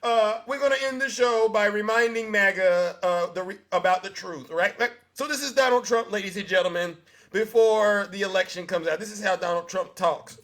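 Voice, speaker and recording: Bright-voiced hyped male radio host. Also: high-pitched, normal speed. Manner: hyped, teasing, laughing at clips. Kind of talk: comedic talk radio commentary.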